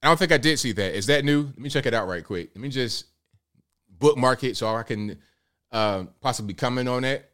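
A man hosts a live political talk show with a smooth, resonant voice. He talks straight to his viewers in a casual, sarcastic way and reads out their comments. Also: mid-range voice, a little fast, a bit bright. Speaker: host.

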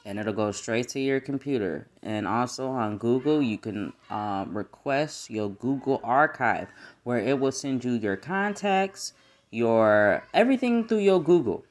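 A woman's voice: rumbling low, lively intonation, a little slow. A young woman hosting a solo podcast, chatting casually with lots of swearing and laughter. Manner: profane, laughing, rambling. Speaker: podcast host.

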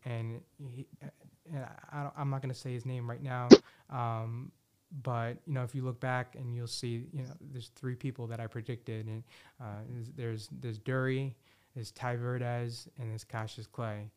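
A man's voice: mid-range voice, level tone, unhurried, clean tone. Rambling, profane male podcast host. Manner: rambling, many restarts and "you know" fillers, frequent swearing; enthusiastic about music predictions. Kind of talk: casual solo talk.

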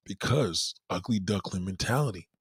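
Here a host with a low, slightly rough voice chats at a normal speed, recorded in echo-free studio quality. His storytelling is animated and profane, with mock-quoted voices for the people involved.

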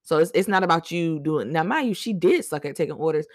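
A woman hosting a podcast, telling stories in a chatty, animated way with slang and lots of fillers. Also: low-pitched, fairly quick, hardly any pauses, no room sound, clean studio sound. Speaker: podcast host. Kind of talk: casual storytelling chat.

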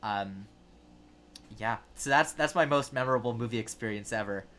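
Bright-voiced young man telling stories. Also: medium pitch, moderate pace. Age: 20s. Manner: animated, self-mocking anecdote teller. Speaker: podcast co-host. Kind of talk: casual chat, storytelling.

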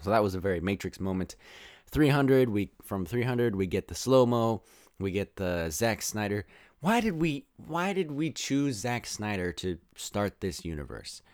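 A young man hosting a podcast, rambling through a casual spoiler-filled film review with exasperated, animated rants. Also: fairly low pitch, moderate pace, no room sound, studio quality.

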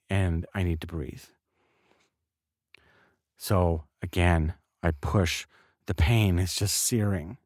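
Middle-aged guy, deep low voice, dry close sound, just talking frank about what happened to him. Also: darkish tone, dry recording. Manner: candid, conversational, swears casually. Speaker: podcast host. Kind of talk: personal storytelling monologue.

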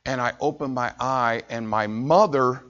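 A middle-aged American man preaching, telling a personal story with animated, acted-out voices and frequent laughter. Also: medium pitch, measured pace. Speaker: pastor. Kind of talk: storytelling sermon. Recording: dull lo-fi recording.

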